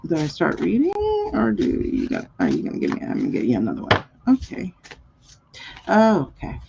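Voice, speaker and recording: A woman hosting a live tarot reading stream, chatting casually with viewers, animated and laughing often. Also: deep voice, moderate pace, gravelly, muffled recording, a little hiss or hum. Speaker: tarot reader and stream host.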